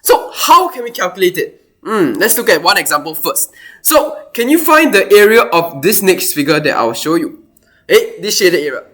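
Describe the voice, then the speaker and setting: A man's voice: high-pitched, big pitch swings, moderate pace, fairly bright tone. A man explaining a math problem step by step, thinking aloud with lots of exclamations. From Singapore. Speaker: math teacher.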